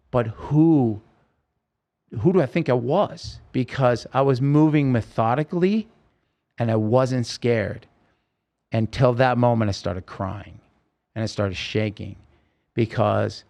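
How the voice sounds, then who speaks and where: A man telling his own story in a podcast interview, earnest and halting, with many restarts. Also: medium pitch, vocal fry, darkish tone.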